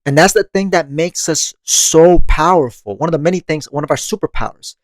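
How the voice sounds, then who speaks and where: A man's voice: a little high, fairly quick, no echo. A man hosting a monthly meditation podcast, reflecting on growth in a casual, conversational way, laughing often and swearing casually. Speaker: podcast host.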